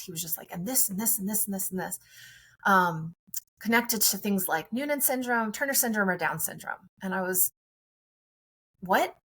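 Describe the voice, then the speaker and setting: A woman's voice: medium pitch, bright, forceful tone, poor audio. A woman guest on a podcast, a friendly and chatty mother telling her own story in conversation.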